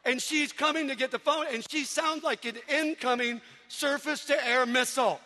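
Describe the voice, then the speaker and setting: High bright-voiced comic storyteller man. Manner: animated, quick, acts out voices. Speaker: youth speaker. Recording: long reverb of a large hall.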